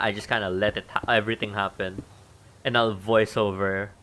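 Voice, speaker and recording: A man on a gameplay stream, talking casually to himself and his viewers as he builds. His voice is bright and forceful at a middle pitch, with a faint hiss underneath. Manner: thinking aloud while building in a game.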